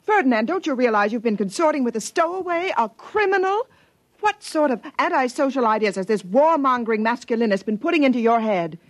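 A woman's voice: fairly high pitch, expressive, a little fast, natural voice. A woman playing a prim, strict older sister who speaks in a stiff, formal, scolding way, in a 1950s radio drama. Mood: stern.

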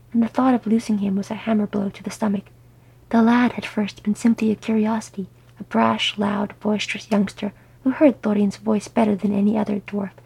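A woman narrating a story aloud, soft and often whispery. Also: mid-range voice, creaky, slightly rough. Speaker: audiobook reader.

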